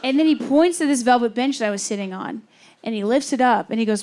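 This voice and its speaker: A woman from Kentucky performing a stand-up comedy set on a theater stage, telling stories in an animated, self-deprecating way. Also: on the high side, fairly quick, a little hiss or hum. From Louisville, Kentucky. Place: theater stage before a laughing audience.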